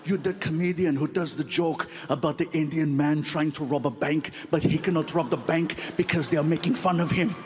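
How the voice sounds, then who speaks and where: A comedian doing a loud, effusive impression of a famous bodybuilder-actor greeting fans in a stand-up set. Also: male voice, a little high, fairly quick, hardly any pauses, background noise, voice pushed down, lightly acted.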